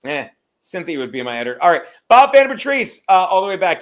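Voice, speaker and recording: Crude and rambling, this podcast co-host jokes his way through casual chat. His high voice moves quickly with big swings in pitch.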